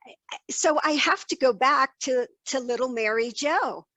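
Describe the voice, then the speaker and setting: A woman's voice: sits high, moderate pace, fairly bright tone, no room sound. A woman hosting an interview, asking eager, probing questions. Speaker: host. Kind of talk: conversational interview.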